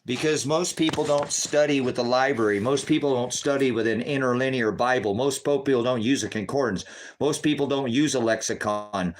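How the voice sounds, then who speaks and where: A man preaching on his own channel, fervent and confrontational, firing off rhetorical questions and swinging between low mutters and loud outbursts. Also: brisk. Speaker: online preacher and channel host. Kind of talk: impassioned livestream preaching.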